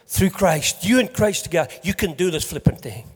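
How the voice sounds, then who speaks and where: A man preaching a sermon to a congregation in a lively, joking way, swinging between loud bursts and soft asides. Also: sits high, normal speed, hardly any pauses, breathy edge. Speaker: pastor. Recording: long hall reverb.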